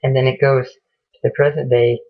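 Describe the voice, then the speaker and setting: A man's voice: mid-range voice, level tone, moderate pace. A young man casually retelling a gory horror story, rambling and swearing, slipping into the characters' lines without changing his voice. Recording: muffled phone-like audio.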